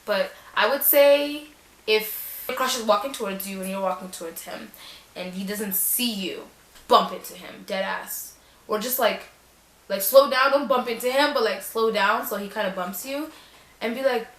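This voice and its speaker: A woman's voice: mid-range voice, moderate pace, fairly bright tone, reverberant, rough recording. A young woman giving casual back-to-school advice in a sassy, chatty way, full of slang and acted-out quotes.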